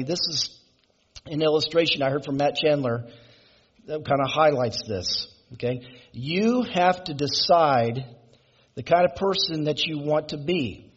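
A man's voice: on the high side, slight background noise. A male pastor giving a conversational sermon to his congregation, asking them to respond and building to emphatic passages. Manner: builds to raised, emphatic delivery. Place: church sanctuary. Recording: muffled, lo-fi sermon recording.

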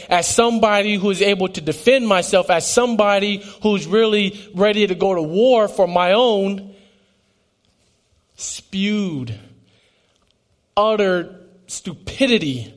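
Young man in his twenties, high-pitched voice, earnest personal testimony, emotional, restarting his words. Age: 20s. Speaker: speaker giving a testimony.

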